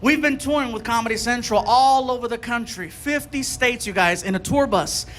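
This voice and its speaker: Male stand-up storyteller, very high voice, animated delivery, noisy live stage sound. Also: normal speed. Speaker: stand-up comedian. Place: comedy stage before a live audience.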